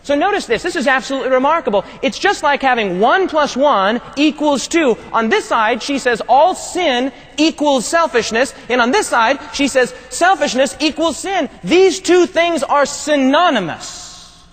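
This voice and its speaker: A male preacher delivering a sermon, quizzing the congregation with questions and swinging between loud emphasis and hushed tones. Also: very high voice, lively intonation, moderate pace. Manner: call-and-response questions to the congregation. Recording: long hall reverb.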